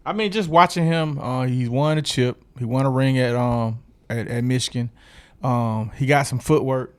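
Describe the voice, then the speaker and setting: A man's voice: mid-range voice, normal speed, clear, resonant tone. A man co-hosting a podcast, talking casually, stumbling over words and laughing often. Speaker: podcast co-host.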